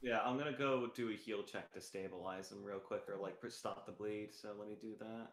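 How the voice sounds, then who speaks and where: A man's voice: on the low side, fairly even intonation, a little fast. A man playing a tabletop role-playing game, talking casually with lots of fillers. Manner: rambling, lots of fillers, laughs often. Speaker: player. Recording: echoey room.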